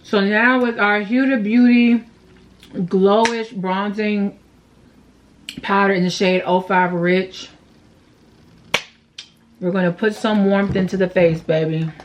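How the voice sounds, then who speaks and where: A woman's voice: medium pitch, fairly even intonation, takes it slowly, long pauses, highs cut off, a little hiss or hum. A woman chatting through a makeup tutorial, candid and slangy, openly sad and emotional as she vents between steps. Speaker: makeup vlogger. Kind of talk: casual makeup tutorial chat.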